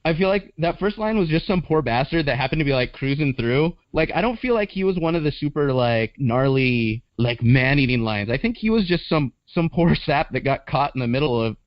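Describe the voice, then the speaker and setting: A man's voice: a little high, animated, brisk, hardly any pauses, no room sound. A man talking as a podcast guest in casual movie chat, rambling and hedging with frequent laughs. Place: living in Los Angeles. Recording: dry, slightly dull lo-fi audio.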